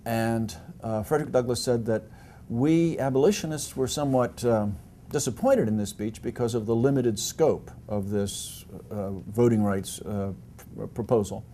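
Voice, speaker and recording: A man's voice: medium pitch, warm tone, a little hiss or hum. An older man, a historian guest, answering interview questions at length with frequent fillers, restarts and dry humor.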